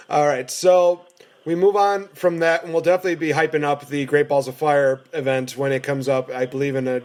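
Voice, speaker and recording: A man co-hosting a casual wrestling reaction show, chatting excitedly with bursts of laughter. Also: a little high, moderate pace. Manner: excited, laughing, playful impressions. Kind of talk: casual chat.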